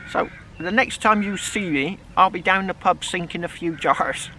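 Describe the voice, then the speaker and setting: Brief: West Country man vlogging outdoors, rambling and chatty, slightly high, bright tone, faint background noise. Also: normal speed. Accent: West Country English. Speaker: metal detecting vlogger. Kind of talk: casual outdoor vlog. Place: outdoors in a field, then a pub.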